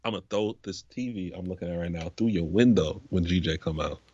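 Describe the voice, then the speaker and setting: A man co-hosting a casual podcast, talking in an animated, profane way and acting out scenes in quoted voices. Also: deep voice, fairly quick, husky, no room sound, highs cut off. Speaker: podcast co-host. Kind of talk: casual chat.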